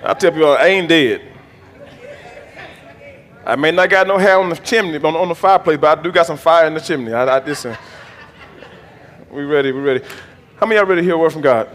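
A man's voice: fairly high pitch, fast, pauses often, a bit bright, in a large hall, a faint crowd. A man, the bishop of his church, preaching a sermon with call-and-response and folksy jokes to the congregation. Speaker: pastor, bishop. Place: church sanctuary.

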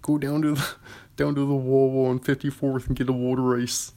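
A man's voice: mid-range voice, level tone, fairly quick, dark tone, lightly acted. A man doing a brash Philly local.

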